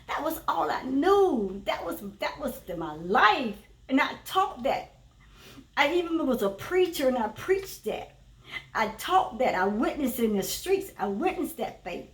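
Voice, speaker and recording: A woman, a teacher and former preacher, giving a personal spiritual testimony in an earnest, emphatic way, often repeating her phrases. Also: high-pitched. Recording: roomy echo, voice from a distance.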